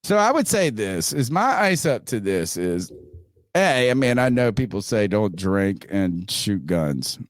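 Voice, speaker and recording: Animated profane man telling a story. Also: fairly low pitch, unhurried, no room sound, studio quality. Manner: animated, swearing, acts out both sides in raised voice. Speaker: podcast host telling a story.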